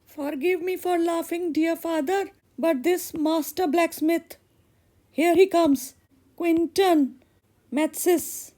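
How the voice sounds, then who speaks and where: A woman voicing a sweet, eager young daughter, speaking in a high pleading voice. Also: steady tone, slow pace, warm tone. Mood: amused.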